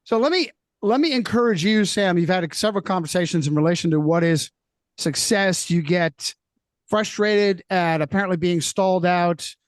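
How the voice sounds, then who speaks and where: Emphatic high-voiced podcast guest man. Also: moderate pace, dry recording. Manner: emphatic, repeats points, adds "okay?". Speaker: guest author. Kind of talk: casual podcast chat.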